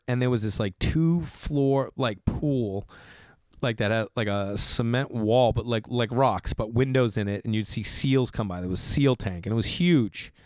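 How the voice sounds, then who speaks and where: An animated Boston man spins a loose, profane story for his podcast, his voice smooth and resonant. The sound is close and dry, with no room in it. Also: medium pitch, dry recording. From Massachusetts. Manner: animated, profane, lots of "like" fillers. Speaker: podcast host. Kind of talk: casual storytelling monologue.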